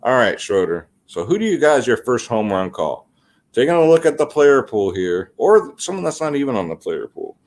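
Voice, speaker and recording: A man runs through his daily fantasy baseball picks in a loose, chatty way, calling his viewers "guys." His voice sits at a middling pitch but swings widely and expressively from phrase to phrase. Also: very animated, moderate pace, darkish tone. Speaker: fantasy sports picks host. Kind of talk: casual sports picks video.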